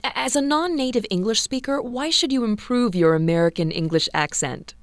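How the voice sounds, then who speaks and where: A woman's voice: fairly high pitch, expressive, fairly quick, no room sound. A woman radio host reading polished introductions and asking questions in a scripted interview. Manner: polished, reads introductions smoothly.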